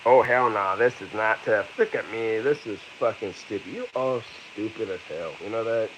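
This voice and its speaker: A man's voice: fairly low pitch, moderate pace, a bit bright, slight background noise, low-quality recording. Heated, profane man in his thirties. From American. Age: 30s. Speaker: vlogger. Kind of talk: angry ranting vlog.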